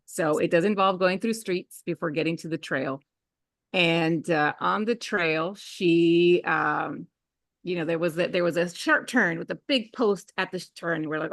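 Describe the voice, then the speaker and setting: Brief: woman co-host, 30s-40s, animated storyteller, close dry sound. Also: unhurried, creaky, dry recording. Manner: animated storyteller, acts out dialogue in a higher voice. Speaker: podcast co-host. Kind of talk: casual chat, storytelling.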